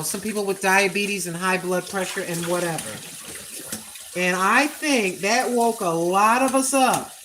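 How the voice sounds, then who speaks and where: A woman's voice: medium pitch, noisy background. Folksy chatty woman in her sixties. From United States. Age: 60s. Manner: folksy and chatty, drawn-out emphatic repeats. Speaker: cooking livestream host. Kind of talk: casual livestream chat.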